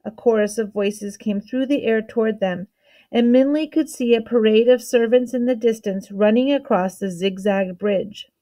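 A woman teacher reading a children's novel aloud with steady, expressive storytelling. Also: on the high side, normal speed.

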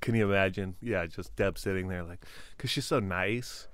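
A man's voice: sits low, normal speed, a bit bright, no room sound. A man co-hosting a comedy podcast, sarcastic with exaggerated disgust. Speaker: podcast co-host. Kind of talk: casual comedic chat.

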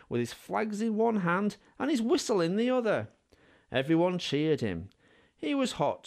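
A man narrating a children's storybook in an expressive, animated way. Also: high voice, gravelly.

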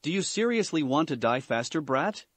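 Brief: a man doing a huge hot-headed toad boss, loud and growling, lively pitch, storybook reading. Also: moderate pace, no room sound. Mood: angry.

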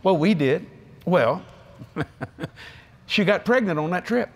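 A man preaching at a convention, telling folksy stories in an animated way with frequent laughs. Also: sits high, slow pace, heavy background noise. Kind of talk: storytelling sermon to a live audience. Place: convention stage.

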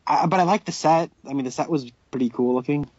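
A man's voice: a little high, fast talker, darkish tone, dull audio. A young man co-hosting a casual podcast chat, offhand and mildly sardonic. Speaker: podcast co-host.

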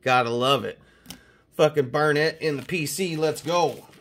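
A man from Canada hosting a casual mail-day chat about his trading cards, excitable and swearing constantly. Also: a little high, unhurried, noisy background. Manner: profane, excitable hype talk. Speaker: card collecting channel host.

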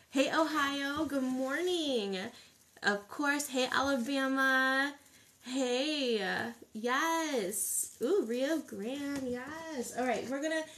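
A woman hosting a live craft tutorial, chatting upbeat with viewers as she works at her table. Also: high-pitched.

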